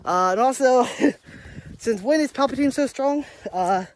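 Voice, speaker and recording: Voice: high voice, animated, measured pace, slight background noise. A young adult daily vlogger, out of breath, rambling through a casual movie review outdoors while walking a dog, chuckling often and groping for names.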